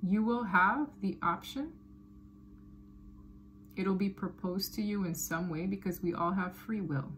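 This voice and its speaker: A woman's voice: mid-range voice, unhurried, long pauses, slight background noise, poor audio. Rambling woman giving a tarot reading. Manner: animated, rambling, often laughs and repeats phrases. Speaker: tarot reader. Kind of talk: casual tarot reading to camera.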